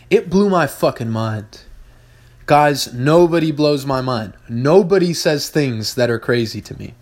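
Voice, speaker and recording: A man hosting a podcast, talking through business lessons in a blunt, profane, casual way and repeating points for emphasis. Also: medium pitch. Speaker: podcast host, business owner.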